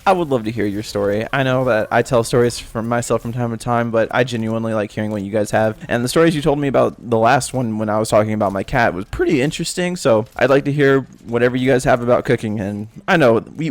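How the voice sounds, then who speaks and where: A young man narrating a personal story in a casual vlog, swearing a lot and breaking into panicked shouts while he acts out the memory. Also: medium pitch, quick pace, few pauses. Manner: swearing, screams in acted-out panic. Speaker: storytelling vlogger.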